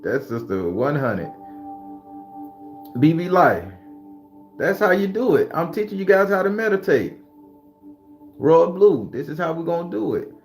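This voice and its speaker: A man hosting a live stream as a tarot reader, chatting casually with viewers in an animated, profane way, laughing often and slipping into preachy pep talks. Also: on the high side, a little fast, hardly any pauses, faint music behind.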